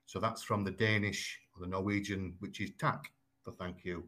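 A man from Yorkshire with a Yorkshire accent, talking as a guest and explaining things in a measured way, with frequent ums and small restarts. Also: deep voice, level tone, sharp tone. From Yorkshire, England. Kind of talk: conversational explaining.

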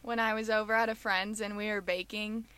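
A woman's voice: medium pitch, little pitch movement, brisk, bright, forceful tone, clean tone. A young woman, joining a podcast with wry, joking remarks. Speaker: co-host. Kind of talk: casual podcast chat.

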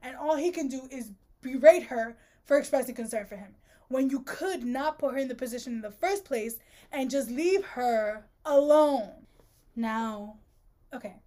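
A woman's voice: sits high, normal speed, mellow. A woman co-hosting a casual podcast, reading a novel aloud and mocking it, sarcastic and laughing often. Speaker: podcast co-host.

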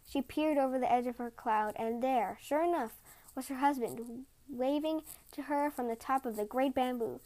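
Brief: female storyteller, calm and expressive, slightly high voice, reading a folktale. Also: normal speed. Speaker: podcast storyteller.

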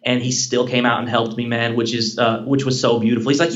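A man, a filmmaker guest on a podcast, telling stories in a casual, excited way and often saying "man" and "dude". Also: medium pitch, a little fast, highs cut off.

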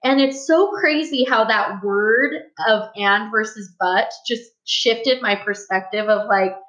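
A woman's voice: on the high side, slow pace, fairly bright tone. Earnest young woman in a roomy room. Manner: earnest, open storytelling with a reflective tone. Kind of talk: casual conversational podcast chat. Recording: roomy, slightly dull sound.

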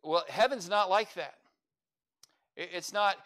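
A man's voice: sits high, takes it slowly, pauses often, a bit bright. A middle-aged man preaching a sermon as pastor, reading scripture and adding folksy, humorous asides. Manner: folksy, humorous asides with playful mock voices.

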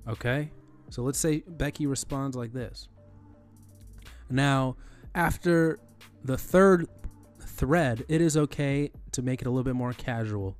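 A man's voice: medium pitch, normal speed, a little mellow, faint music behind. A man teaching in a loose, conversational way, often restarting and repeating phrases with fillers. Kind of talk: screen-recorded tutorial on email etiquette.

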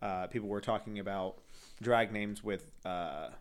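A man's voice: fairly low pitch, fairly even intonation, measured pace. Giggly rambling man on a podcast. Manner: giggly, rambling, many fillers and laughs. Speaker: podcast co-host. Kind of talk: casual chat.

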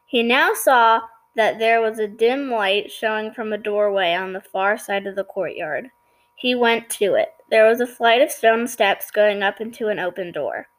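A woman's voice: medium pitch, normal speed, poor audio. A woman reading a children's book chapter aloud, now and then stumbling over words and apologizing. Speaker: reader.

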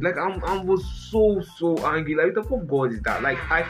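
Young man, casual film review chat, excitable, repeats himself, faint music. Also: fairly high pitch, fast. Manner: excitable, repetitive, many fillers. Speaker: co-host.

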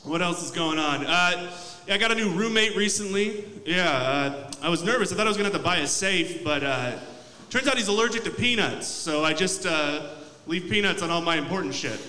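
Young man doing stand-up, high bright voice, loose and profane, roomy club echo. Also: expressive, brisk. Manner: loose, profane, self-mocking. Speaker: stand-up comic. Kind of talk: stand-up set. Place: comedy club stage. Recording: echoey club room mic.

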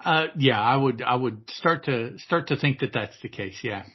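Male podcast co-host, husky and halting, muffled lo-fi sound. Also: medium pitch. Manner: hesitant, restarts and fillers. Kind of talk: casual comic book discussion.

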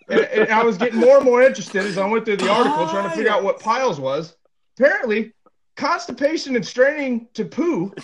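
A man's voice: extremely high pitch, noisy background. A man co-hosting a casual podcast, rambling with many fillers as he reads a news story aloud and laughs along. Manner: rambling, full of fillers, laughs while reading. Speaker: podcast co-host.

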